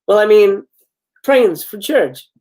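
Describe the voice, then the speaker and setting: A man's voice: sits high, expressive, takes it slowly, darkish tone, voice pushed up. A man reading a script aloud, voicing a cocky young man who mockingly teases his sister. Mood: teasing. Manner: mocking, playfully ominous. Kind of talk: live script read-aloud.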